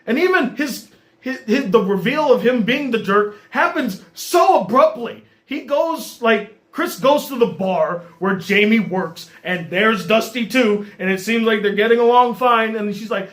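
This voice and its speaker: A man reviewing a movie in an exasperated, animated rant. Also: high voice, normal speed. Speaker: movie critic.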